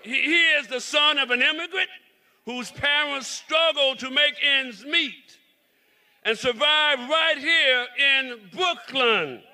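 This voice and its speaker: Man, Southern drawl, reverend and legislator, rally speech, very bright voice, unhurried. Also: very high voice, a little hiss or hum. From South Carolina. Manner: preacherly, repeating himself, shouting. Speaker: reverend and state representative. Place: outdoor rally in the cold.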